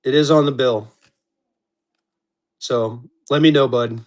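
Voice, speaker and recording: A man's voice: mid-range voice, steady tone, slow pace. A man hosting a live-stream auction, chatting casually and calling out bidders as they come in. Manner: upbeat, chatty, calls out bidders.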